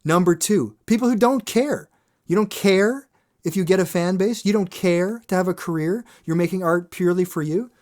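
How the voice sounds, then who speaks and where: A man hosting a podcast, a singer talking in a casual, animated monologue, swearing freely and acting out quoted voices. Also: sits high, moderate pace. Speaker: podcast host.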